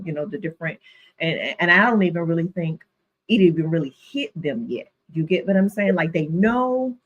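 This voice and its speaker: Woman podcast host, supportive, long reflective questions, lower voice. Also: dull audio. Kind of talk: interview conversation.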